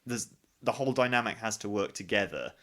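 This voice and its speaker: Bright-voiced man chatting as a guest. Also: on the low side, a little fast. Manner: chatty, thinks aloud with many restarts. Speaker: guest, pantomime actor. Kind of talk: casual interview chat.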